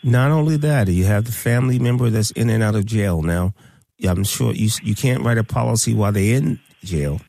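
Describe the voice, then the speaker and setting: Deep gravelly guy hosting a radio talk show, dry close sound, preachy, keeps repeating himself. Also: fairly quick, warm tone, no echo.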